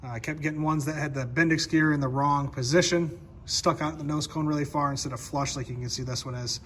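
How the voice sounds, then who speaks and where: Upbeat male DIY vlogger, slightly high voice, faint shop noise behind. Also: fairly even intonation, a little fast, a bit bright. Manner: upbeat, chatty, explains as he works. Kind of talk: casual how-to vlog. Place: workshop garage.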